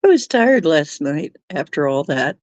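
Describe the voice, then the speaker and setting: A woman's voice: deep voice, big pitch swings, measured pace, darkish tone, no echo, dull audio. A woman hosting a live stream, chatting casually with viewers and giggling often. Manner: giggly, laughs often while reading chat.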